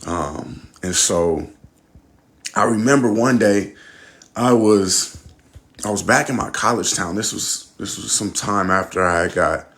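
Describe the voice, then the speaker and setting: A man's voice: on the low side, takes it slowly, fairly bright tone. A young man hosting a podcast, telling a personal story casually, with candid, reflective talk and plenty of swearing. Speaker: podcast host.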